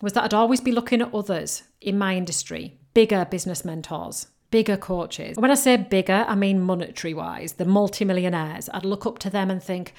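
A woman's voice: mid-range voice, normal speed. A woman hosting a solo podcast, talking candidly and encouragingly about her early mistakes as a coach. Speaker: business coach podcast host.

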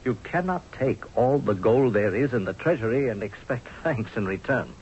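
An actor playing a blunt, sarcastic Egyptian general in a 1970s radio drama, from a dull lo-fi vintage broadcast. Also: male voice, medium pitch, expressive, normal speed, a little hiss or hum, close to an everyday voice. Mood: scornful. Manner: sarcastic, forceful, pleading.

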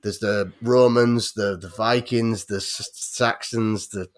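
A man's voice: on the low side, fairly even intonation, slow pace. Rambling Yorkshire man chatting. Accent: North Yorkshire English. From North Yorkshire, England. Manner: rambling, many restarts and fillers. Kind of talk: casual podcast chat.

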